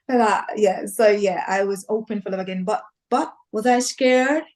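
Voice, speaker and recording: This woman, medium-pitched and unhurried, recounts her personal testimony conversationally. She tells it with animation, acting out the other people's voices and laughing now and then.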